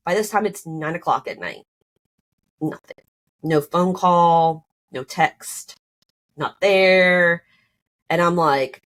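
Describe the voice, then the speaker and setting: Woman, thirties, low voice, emotional rambling storytelling, lots of fillers. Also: takes it slowly, a bit bright. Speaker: podcast guest telling her story. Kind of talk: casual storytelling.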